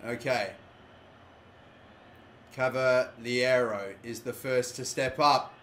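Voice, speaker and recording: A young Australian man giving live, excitable commentary on a football video game, swearing often and shouting at big moments. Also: medium pitch, takes it slowly, pauses often. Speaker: gaming YouTuber.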